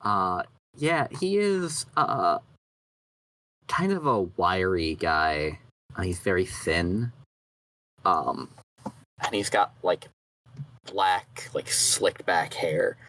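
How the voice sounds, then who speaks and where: A man's voice: low-pitched, expressive, drawn-out words, pauses often, fairly bright tone, poor audio. A man playing a tabletop role-playing game, rambling with lots of fillers and swearing. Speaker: player.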